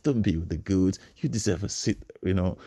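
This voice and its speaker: A man's voice: deep voice, fairly quick, mellow, breathy edge. A man giving a preachy motivational speech, repeating phrases and building to emphatic bursts. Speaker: motivational speaker.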